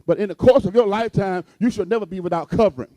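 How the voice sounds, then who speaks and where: A man's voice: sits high, fast talker, mellow, dry recording. A man preaching a sermon as pastor, with a repetitive cadence that builds to fervent emphasis.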